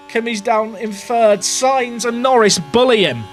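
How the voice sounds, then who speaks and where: A young man with a fairly high voice runs excitable live commentary on a racing game for his chat. He drops into nervous, muttered asides and then bursts into shouts, with faint music playing underneath. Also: unhurried, few pauses. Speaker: gaming YouTuber.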